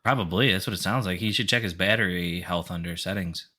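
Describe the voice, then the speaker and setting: American male podcast host; blunt, profane casual chat, low pitch, bright forceful tone. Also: fast.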